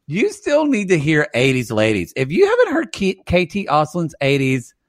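A man co-hosting a podcast, chatting casually in a campy, animated way. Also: on the high side, no room sound, studio quality. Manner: campy, animated, quick asides. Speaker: podcast co-host. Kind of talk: casual comedic recap chat.

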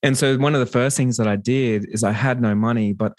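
A man hosting a casual podcast, telling a relaxed story about his business. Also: mid-range voice, fairly quick, no room sound, studio quality.

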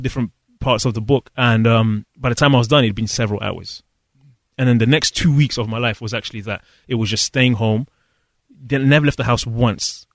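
A man tells a personal story in an interview. He speaks earnestly and reflectively, pausing and restarting as he searches for words. The sound is dry and close. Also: medium pitch, dry recording. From London, England. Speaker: guest.

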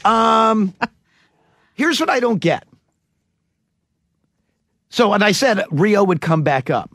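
A man hosting a casual talk show, animated and teasing, quick to laugh. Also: high voice, no room sound, clean studio sound. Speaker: radio show host. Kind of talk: casual chat.

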